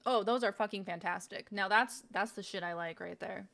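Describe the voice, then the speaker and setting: A young woman's creaky, slightly bright, mid-range voice moves at a normal speed as she tastes snacks on a casual unboxing stream. She keeps chatting and laughing through mouthfuls, with frequent swearing.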